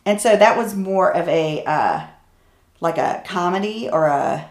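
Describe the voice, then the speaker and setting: A woman's voice: on the low side, animated, unhurried, roomy sound. A woman in casual conversation about books, rambling and hesitant, often trailing off mid-thought.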